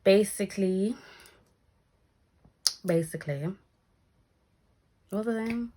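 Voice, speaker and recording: A young woman tells a casual storytime vlog at a slow pace, her voice mid-range with slight background noise. She's animated, acting out the voices of people in her story and swearing freely.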